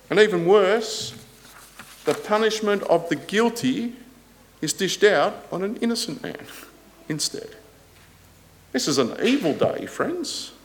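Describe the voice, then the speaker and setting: A man with a fairly high-pitched voice preaches earnestly and deliberately, growing loud when quoting scripture and softening at the ends of phrases while posing rhetorical questions.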